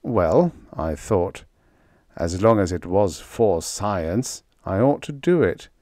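A man narrating a humorous story in the first person, with a wry, deadpan manner. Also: sits low, slow pace, no echo, clean studio sound. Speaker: audiobook narrator.

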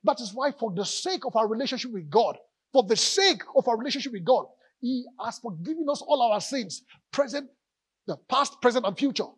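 A male pastor preaching a lively sermon in church, calling out to the congregation and joking between points. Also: very high voice, fairly quick, breathy edge, no room sound. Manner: animated preaching with audience call-outs and jokes.

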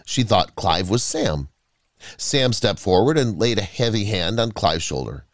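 A man reading a scripted story aloud, with expressive, dramatic delivery. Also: lowish voice, unhurried, no echo. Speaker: narrator. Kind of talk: scripted narration.

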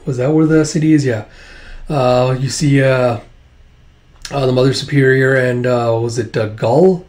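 A man's voice: mid-range voice, steady tone, measured pace, a little mellow. A man casually reading a comic aloud, rambling with many fillers and the odd swear. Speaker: comic book reader and reviewer. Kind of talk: casual read-along of a comic.

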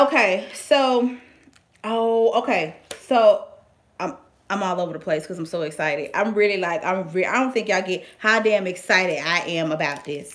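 A woman, chatting casually and excitedly through a product unboxing, with playful slang and sudden whispered asides. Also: mid-range voice, moderate pace. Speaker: vlogger reviewing products.

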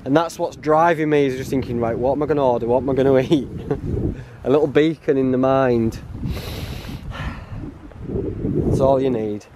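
On a mountain trail, a hiking vlogger narrates his hike to a handheld camera, chatty and self-mocking and laughing often. His medium-pitched voice moves at normal speed with long pauses, and the outdoor background is noisy.

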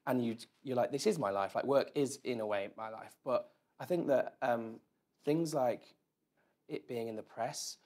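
In an event room with a live audience, a male guest from England chats casually, telling self-deprecating stories that ramble and overflow with "like." He has a medium-pitched, slightly mellow voice and speaks a little slowly.

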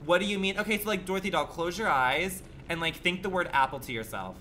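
A man's voice: high-pitched, fast talker, bright, forceful tone, a little hiss or hum. A man livestreaming a game, chatting with his viewers in a sassy, campy, profane way, full of rambling rhetorical questions. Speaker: gaming livestreamer. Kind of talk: casual stream chat.

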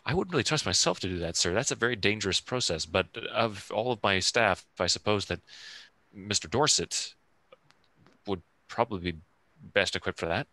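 A man's voice: on the low side, animated, normal speed, pushed and bright, no echo. A man voicing a hesitant male starship engineer who hedges and stumbles over his words in a tabletop game. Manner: hesitant, full of uhs and restarts.

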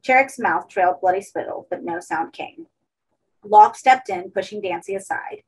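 Female audiobook reader, husky, mid pitch, steady horror narration. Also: normal speed, low-quality recording.

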